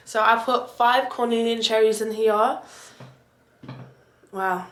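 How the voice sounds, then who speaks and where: A woman's voice: a little high, fairly even intonation, slow, pauses often, fairly bright tone, soft background music. Chatty young woman vlogger, echoey room. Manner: chatty, playful, laughs often. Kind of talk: casual vlog chat.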